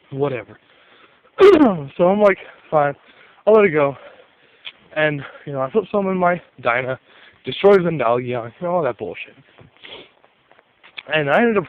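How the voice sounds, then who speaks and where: A man's voice: fairly high pitch, narrow, tinny audio. A young man telling a story in a casual, profane rant, exasperated, with laughing asides.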